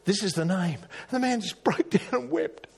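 A man preaching a sermon, telling a story with emphatic rises and hushed drops. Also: high voice, expressive, moderate pace, creaky, husky. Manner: storytelling, rising to emphatic peaks and dropping to hushed tones.

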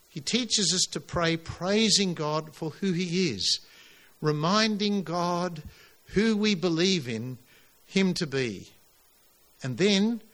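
A man preaching a sermon to his congregation, emphatic and animated, pushing his voice up on key lines. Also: on the high side. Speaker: pastor.

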